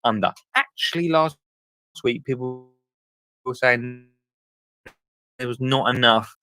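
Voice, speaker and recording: A man's voice: medium pitch, slow pace, pushed and bright. A man hosting a live gardening call-in show, rambling and laughing at himself in casual chat. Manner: rambling, chuckling, self-mocking.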